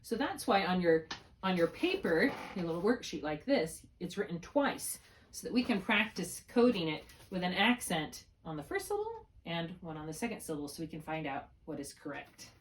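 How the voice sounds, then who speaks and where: A woman's voice: on the low side, big pitch swings, normal speed, distant mic, slight background noise. Woman, reading tutor, patient step-by-step explaining, laptop mic, sounds a bit off-mic. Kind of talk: one-on-one spelling lesson. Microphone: laptop mic, held while writing.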